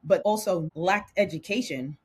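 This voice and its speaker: A woman hosting her own show, talking candidly and with feeling, laughing often and slowing down to hit her emphatic points. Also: on the low side, slightly rough. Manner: candid and animated, laughs often, slows down to punch emphatic lines. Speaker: host. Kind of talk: casual talk to camera.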